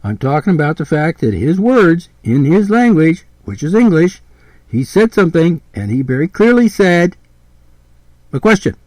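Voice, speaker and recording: A man's voice: a little high, very animated, moderate pace, a little mellow, dry recording. A man in his seventies giving a blunt, rambling podcast monologue, repeating himself and swearing freely. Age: 70s. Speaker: podcast host.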